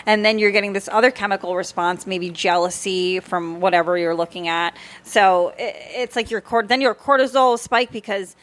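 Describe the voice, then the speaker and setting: A woman's voice: mid-range voice, moderate pace, hardly any pauses, a bit bright. A woman hosting a podcast, talking frankly and jokingly in casual chat, swearing now and then. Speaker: podcast host.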